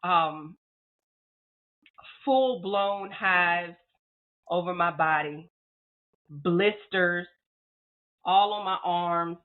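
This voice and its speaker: A woman's voice: fairly low pitch, very slow, pauses often. A woman guest telling a painful personal story in an interview, heartfelt and emotional, often repeating words and acting out her own past thoughts. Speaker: podcast guest. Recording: phone-like narrow audio.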